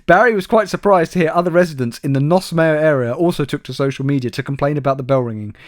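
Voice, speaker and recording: A man's voice: fairly high pitch, quick pace, dry recording. A man co-hosting a comedy podcast, reading out news stories with dry, wry asides. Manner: dry, wry delivery, addresses co-host by name. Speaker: podcast co-host.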